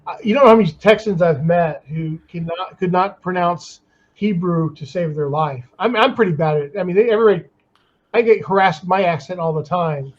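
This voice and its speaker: A man's voice: high voice, fairly quick, muffled recording. A man in casual chat, rambling and chatty, with many restarts. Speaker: guest, comics artist.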